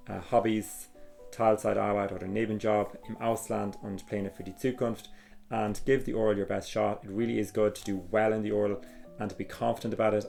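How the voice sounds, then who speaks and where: A man teaching German exam phrases, explaining slowly and reading phrases carefully with some hesitations. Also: fairly low pitch, vocal fry, a little mellow. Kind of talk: exam prep lesson.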